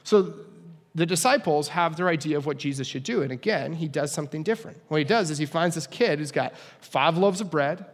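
A man's voice: a little high, a little fast. A young man preaching a casual, conversational sermon with humorous asides. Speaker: pastor. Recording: long hall reverb.

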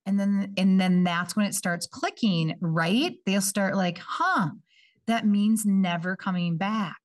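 Woman explaining little kids to parents, animated, sits back from the mic a bit. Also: medium pitch, a little slow, distant mic. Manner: animated, acts out parents and kids in quoted voices. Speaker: early childhood coordinator, guest. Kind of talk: casual podcast chat.

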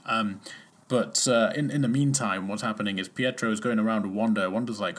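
A man's voice: on the low side, fairly quick. A man casually recapping a TV episode, rambling and acting out characters' lines. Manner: rambling, acts out characters' lines, frequent restarts.

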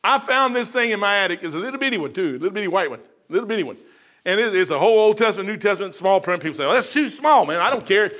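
A middle-aged man preaching a sermon. He moves between loud, shouted passages and soft, low stretches. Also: expressive, very fast.

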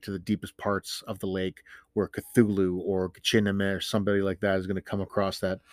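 Podcast host, male, lowish voice, dry close sound, rambling and self-mocking. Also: no echo. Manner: chatty, ranting, self-deprecating. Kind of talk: casual solo podcast talk.

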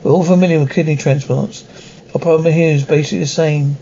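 A man playing a clipped, gravelly surgeon. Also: a little high, fairly even intonation, quick pace, dark tone, dull audio, slight background noise. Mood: briskly technical. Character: brisk male surgeon planning a radical operation.

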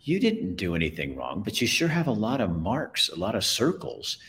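A man's voice: on the low side, huge pitch swings, moderate pace, a little hiss or hum, pitched above the performer's own voice. A man voicing a kindly toy maker who reassures a little toy, as he reads a story aloud. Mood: gentle, reassuring. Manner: gentle, reassuring. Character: kindly old male toy maker, gentle.

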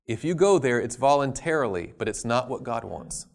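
A man preaching a sermon, stressing key words loudly and then dropping to quiet asides. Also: medium pitch, animated, moderate pace, vocal fry. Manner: emphatic, swinging between loud stresses and quiet asides.

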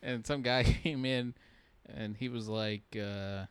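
A man's voice: medium pitch, steady tone, clean tone, no echo. A man co-hosting a podcast, chatting casually, laughing often and acting out the people in his stories. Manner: quick, laughing delivery, acts out quoted people. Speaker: podcast co-host. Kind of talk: casual chat.

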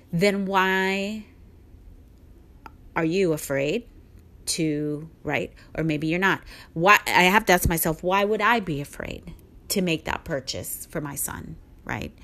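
A woman's voice: fairly low pitch, fairly bright tone. A woman hosting her own podcast, giving a casual, upbeat motivational talk that rambles and restarts often. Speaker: podcast host.

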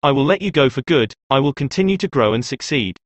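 A man's voice: medium pitch, animated, quick pace, dry recording, natural voice. A man playing a traumatized adult man who confronts his abusive mother with intense emotion. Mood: defiant.

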